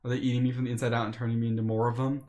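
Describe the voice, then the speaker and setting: A man's voice: mid-range voice, level tone, rapid-fire, a little mellow, slight background noise, close to an everyday voice. A man voicing a frightened teenage boy who fears his body is being eaten from the inside. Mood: panicked. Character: frantic scared teenage boy.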